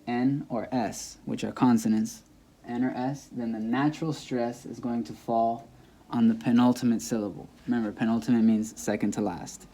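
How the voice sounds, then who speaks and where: Patient man teaching, mellow voice. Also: mid-range voice, fairly even intonation, a little hiss or hum. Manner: patient, repeats words slowly for emphasis, checks in with "okay?". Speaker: Spanish teacher. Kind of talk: casual explanatory lesson.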